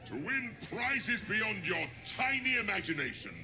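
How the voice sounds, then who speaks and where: A scornful carnival game keeper in a video game. He speaks slowly, in a piercingly bright, high voice. Each sweep of pitch drips contempt, over a faint hum. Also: sing-song, exaggerated voice. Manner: contemptuous, grandly insulting. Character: insulting male carnival wheel-keeper, haughty and scornful.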